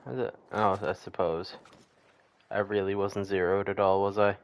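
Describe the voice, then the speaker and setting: A man's voice: lowish voice, level tone, normal speed, clean tone. A tired man giving casual gameplay commentary as a streamer, mumbling and swearing, sometimes joking in a mock Russian accent. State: tired, exhausted. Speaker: game streamer.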